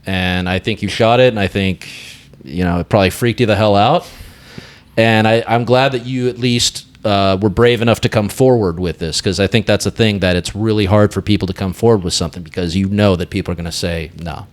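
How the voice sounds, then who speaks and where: Low-voiced man, halting podcast host. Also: steady tone. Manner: halting, restarts with "you know". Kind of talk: casual chat.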